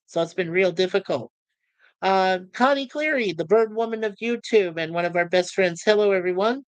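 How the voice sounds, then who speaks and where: Woman host, chatty and halting, mid pitch, dry close recording. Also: no echo. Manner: rambling, halting, many fillers and restarts. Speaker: livestream host. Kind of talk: casual livestream chat, reading comments aloud.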